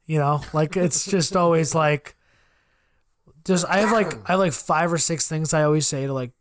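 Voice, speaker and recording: A man with a slightly high voice co-hosts a podcast, telling a long, rambling story at a moderate pace with background noise behind him. He swears freely and acts out customers' lines in quotes during the casual chat.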